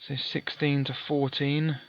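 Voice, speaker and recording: A man playing through a gamebook, reading its passages aloud and calmly working out dice sums with mild self-deprecating asides. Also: medium pitch, measured pace, highs cut off. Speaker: let's play host. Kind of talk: gamebook playthrough with read-aloud narration.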